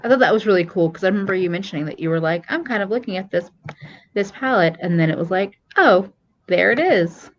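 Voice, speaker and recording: A woman's voice: on the low side, fast, a little hiss or hum. Easygoing woman on dull lo-fi audio. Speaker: beauty youtuber, co-host. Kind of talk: casual livestream chat.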